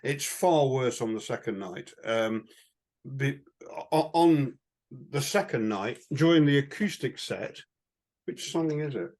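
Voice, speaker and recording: A man's voice: medium pitch, lively intonation, measured pace, darkish tone. A man, co-hosting a podcast and recounting anecdotes in a casual, rambling way, with fillers and chuckles. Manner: chatty anecdotal storytelling with frequent fillers and chuckles. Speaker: podcast co-host. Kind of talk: casual chat.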